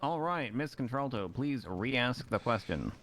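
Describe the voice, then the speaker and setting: A man's voice: medium pitch, expressive, a little slow, a bit bright. A man playing a judge in a role-play courtroom, teasing and drawing out his rulings.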